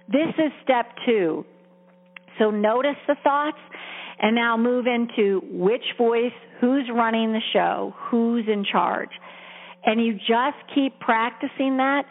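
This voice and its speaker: A woman's voice: on the high side, measured pace. A woman career coach talking in an earnest, encouraging, conversational way, heard over a tinny phone-like line with long reverb. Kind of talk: coaching talk.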